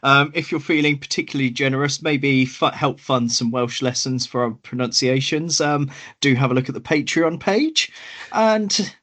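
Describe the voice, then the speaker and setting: A man's voice: mid-range voice, moderate pace, fairly bright tone. A man co-hosting a podcast, chatting in an upbeat way, often laughing and repeating words. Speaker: podcast co-host. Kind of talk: casual podcast chat.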